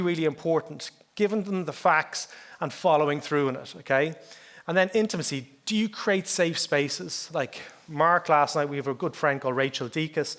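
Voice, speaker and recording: A middle-aged Irish man, a conference speaker, gives his talk in a chatty, conversational way, often checking in with "okay?" and tossing in "like, you know." His voice is a little high with a fairly bright tone.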